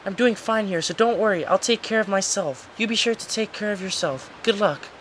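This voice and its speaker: A man reading a letter in the voice of a kind young girl, soft and caring, over game music. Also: sits high, brisk, a little hiss or hum, voice pushed up. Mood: tender.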